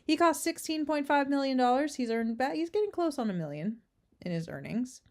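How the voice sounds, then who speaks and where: A woman's voice: high-pitched, expressive, brisk. A woman hosting a casual livestream race preview, chatting with her viewers between horse introductions, speaking without her usual headset. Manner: chatty, talks to chat, asides and laughs. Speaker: race caller and host. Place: relative's house, indoors. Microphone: no headset, makeshift setup.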